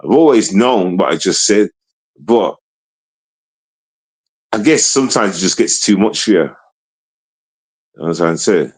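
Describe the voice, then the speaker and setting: A man's voice: animated, moderate pace, long pauses, breathy edge, poor audio. A man talking to his live stream in a rambling, profane monologue, confrontational, often asking if listeners understand. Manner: repetitive, profane, keeps asking "you understand?"; confrontational, swings between low mutter and raised voice. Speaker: livestreamer.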